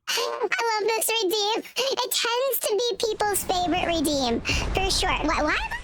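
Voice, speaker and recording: A woman streamer talking through a high-pitched helium voice changer, chatting playfully with her viewers. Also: fairly bright tone, a little hiss or hum, full character voice. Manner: playful, teasing chat. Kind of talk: casual live-stream chat.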